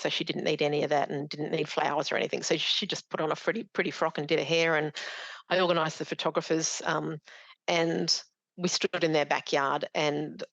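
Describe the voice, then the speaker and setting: Middle-aged aussie woman, low gravelly voice, lots of stops and restarts, dry close sound. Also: fairly bright tone, no room sound. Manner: halting, with many restarts and fillers. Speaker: charity founder, guest. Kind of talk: conversational podcast interview.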